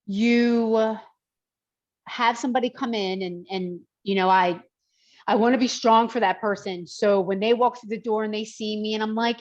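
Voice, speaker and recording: A woman's voice: a little high, unhurried. Woman, personal trainer, podcast chat, emphatic, heartfelt, a bit muffled lo-fi. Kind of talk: podcast conversation.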